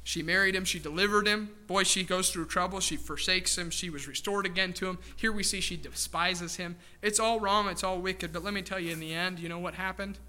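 A man's voice: high voice, brisk, hardly any pauses, sharp tone. A man preaching a sermon in a church, emphatic and addressing the congregation directly as folks. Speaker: pastor.

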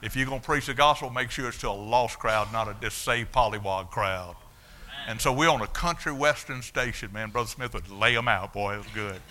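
An older man preaching his testimony in a folksy, animated storytelling way. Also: lowish voice, fairly quick. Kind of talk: sermon testimony.

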